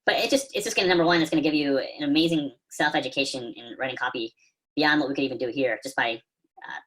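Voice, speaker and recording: A man's voice: a little high, quick pace, a bit bright, rough recording. A man teaching as a guest instructor over a video call, conversational and storytelling, with fillers and the odd swear word. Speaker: copy chief and guest instructor. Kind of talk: casual teaching talk.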